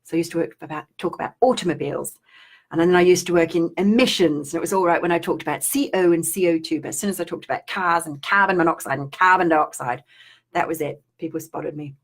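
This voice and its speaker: A woman's voice: lowish voice, quick pace. A middle-aged woman from Australia with an Australian accent, chatting casually on a live stream as a spiritual coach, rambling with restarts and fillers.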